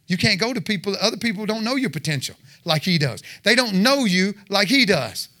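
A fervent man delivering a testimony sermon, urging his listeners on and roaring out loud. His voice sits high and sounds bright and forceful. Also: big pitch swings, fairly quick. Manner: fervent, exhorting, with shouted roars. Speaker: lay preacher.

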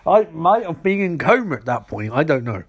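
A man's voice: on the high side, big pitch swings, brisk, breathy edge, dry recording. A man casually recapping a TV episode with rambling, sarcastic asides.

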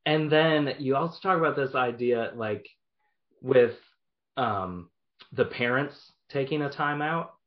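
A man hosts an interview in a casual, affirming way, often asking questions. His voice sits at an average pitch. The recording sounds dull and lo-fi. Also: a little slow. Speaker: podcast host. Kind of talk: conversational interview.

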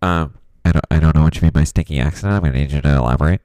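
A man putting on a deep-voiced, fussy emergency dispatcher with a stuffed-up nose. He is formal and prim, and keeps saying "sir" in an improvised comedy skit. The voice sounds smooth and dry. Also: rapid-fire, darkish tone, dry recording. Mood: officious. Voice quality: blocked nose.

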